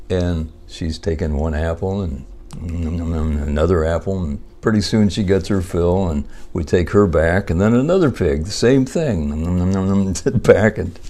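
Deep-voiced older man telling folksy jokes. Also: a little mellow. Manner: unhurried, rambling with fillers and chuckles. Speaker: joke teller.

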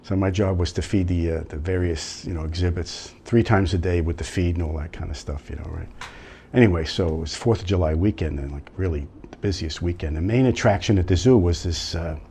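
A man's voice: low voice, fairly quick, dark tone, a little hiss or hum. A man telling a long joke as a rambling story, full of fillers and tag questions.

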